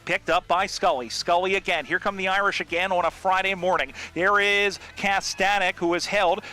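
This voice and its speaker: Male match caller, jokey and fast-moving, with a bright, high tone. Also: fairly even intonation. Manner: quick, jokey call with frequent uh fillers. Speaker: play-by-play commentator. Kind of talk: live sports commentary.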